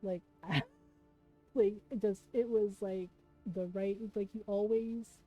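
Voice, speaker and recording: A woman's voice: medium pitch, steady tone, takes it slowly, warm tone, lo-fi sound, soft background music. A woman streamer chatting casually, telling a personal story to her viewers and often checking in with "right?". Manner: chatty, keeps asking "right?". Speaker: live streamer.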